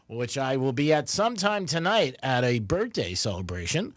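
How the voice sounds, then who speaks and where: A man's voice: on the high side, sing-song, moderate pace, few pauses, a bit bright, no echo. A man hosting a radio show in a studio, chatting casually with his co-hosts and running a call-in contest. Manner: easygoing, runs contests and reads out phone numbers. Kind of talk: casual talk radio banter. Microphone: studio microphone.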